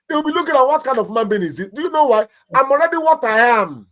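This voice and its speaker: A man's voice: very high voice, very animated, racing, hardly any pauses, fairly bright tone. A man with a Nigerian accent, a pastor and marriage counselor giving emphatic marriage advice on a talk show. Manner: emphatic, preacherly, acts out little anecdotes.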